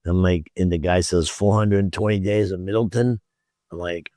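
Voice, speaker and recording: A man with a low voice recounts a story in loose, casual talk, tripping over his words and restarting often. He acts out what each person said and swears freely. The sound is dry and close. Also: fairly even intonation, moderate pace, dry recording. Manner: rambling, stammers and repeats, acts out quoted dialogue with frequent swearing. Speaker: podcast guest.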